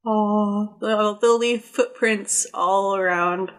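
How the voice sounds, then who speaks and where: A woman's voice: medium pitch, steady tone, slow. A woman player in a tabletop role-playing game who jokes and giggles. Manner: playful, giggly.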